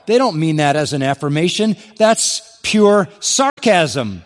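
A man's voice: sits high, expressive, measured pace, hardly any pauses, in a large hall. A man preaching an expository sermon, emphatic, rising to stress key points. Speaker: pastor.

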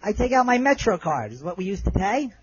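A man's voice: sing-song, a little fast, slightly rough. Man, middle-aged, personal storytelling, earnest, dull lo-fi recording. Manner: earnest, drops low and soft at moving moments. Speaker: survivor telling his story.

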